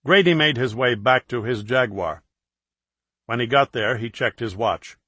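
A man narrating a thriller audiobook in a steady, measured reading. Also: mid-range voice, slightly rough, dry recording.

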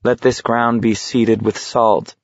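A male audiobook narrator voicing a hysterical, mocking young man who giggles and rants in a high sing-song. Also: level tone, slow pace, no room sound, lo-fi sound.

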